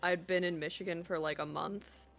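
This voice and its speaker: A woman's voice: on the low side, steady tone, moderate pace, creaky, a bit bright. A woman chatting casually with friends during a game stream, telling self-deprecating stories. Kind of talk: casual chat while gaming on stream.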